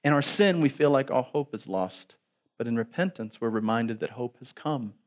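A man who is a pastor preaching a sermon, moving between soft pleading passages and loud, emphatic calls to the congregation. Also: medium pitch, expressive, normal speed. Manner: asks the congregation to respond aloud.

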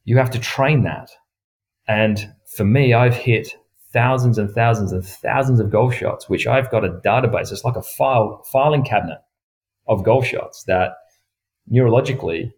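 A middle-aged man, a golf professional telling stories in casual chat, lively and often laughing as he acts out what others said. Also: lowish voice. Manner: animated, acts out quoted dialogue, laughs often.

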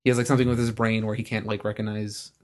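A man's voice: on the low side, little pitch movement, very fast. A man co-hosting a podcast, chatting loosely about a film he just saw, with lots of fillers. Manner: loose, filler-heavy movie talk. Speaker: podcast co-host. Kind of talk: casual chat.

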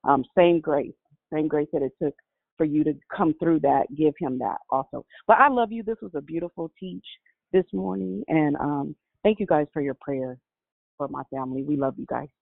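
A man's voice: fairly high pitch, moderate pace, vocal fry, no echo. A man calling into a prayer line, exhorting the listeners in a preacherly way. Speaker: caller. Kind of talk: prayer-call testimony. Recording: tinny, dry phone line.

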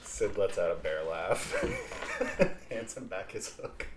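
A man's voice: deep voice, normal speed, a crowd in the background. A man playing a tabletop game, laid-back and amused as he describes what his character does. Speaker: player. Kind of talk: casual tabletop play.

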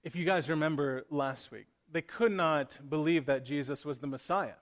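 A man's voice: a little high, moderate pace. A man preaching a sermon to his congregation, earnest and plain-spoken as he urges them on. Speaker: pastor. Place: church room with congregation.

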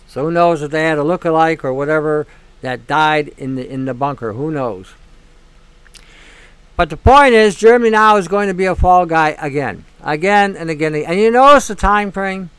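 A man's voice: fairly high pitch, animated, moderate pace, fairly bright tone, smooth, dry recording. Man, host, blunt repetitive rant, dry close sound, resonant voice. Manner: ranting, repetitive, blunt with swearing. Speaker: show host. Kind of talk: opinionated monologue.

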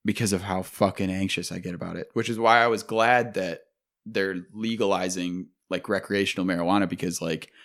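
A man's voice: sits low, fairly even intonation, fairly bright tone. A young man co-hosting a podcast, rambling and joking with frequent swearing in casual chat. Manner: profane, rambling, quick to joke. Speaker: podcast co-host.

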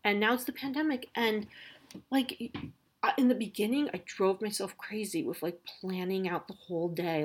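A woman's voice: mid-range voice, lively intonation, moderate pace. A woman in her thirties talking casually about parenting, with lots of fillers and restarts. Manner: chatty, many fillers and self-corrections. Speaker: parent sharing advice. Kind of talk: casual monologue.

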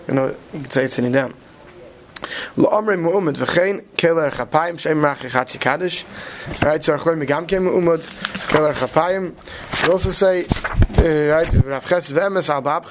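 A man teaching a study class, talking quickly and checking in with "right?" as he explains. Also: a little high, gravelly, slight background noise. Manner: quick, mixes Hebrew terms into English, many "right?" checks. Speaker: Torah teacher. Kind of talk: Talmudic study lecture.

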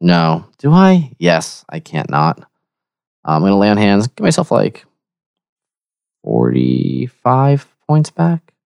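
A man's voice: fairly low pitch, wildly swooping pitch, takes it slowly, creaky, pauses often, a little mellow, clean tone, no room sound. A man playing a tabletop game, thinking aloud and second-guessing his own choices. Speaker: player. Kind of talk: casual tabletop game play.

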